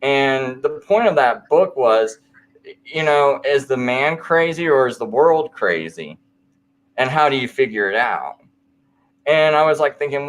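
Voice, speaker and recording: A man recounts his own story in an easygoing late-night conversation. His voice sits at an ordinary middle pitch, and his sentences wander, restart and lean heavily on filler words. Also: measured pace. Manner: rambling, filler-heavy storytelling.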